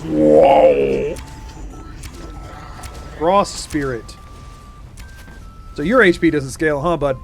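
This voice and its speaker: A man's voice: fairly high pitch, a little slow, pauses often, fairly bright tone, faint music behind. A man giving playful, joking commentary as he streams a game and chats with his viewers. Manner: playful, jokey, talks to chat. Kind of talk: casual gameplay commentary.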